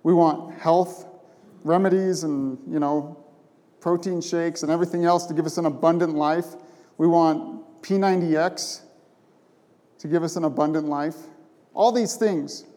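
A man's voice: on the high side, steady tone, a little slow, dark tone. A man preaching a sermon from a pulpit, emphatic and conversational, often tossing in rhetorical questions. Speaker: pastor. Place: church sanctuary. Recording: long church reverb.

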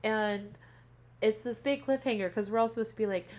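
A fairly high-pitched, darkish-toned woman's voice moves a little fast. She's a teacher and podcast co-host, animatedly recapping a show, acting out characters' dialogue, and swearing a lot in a casual setting.

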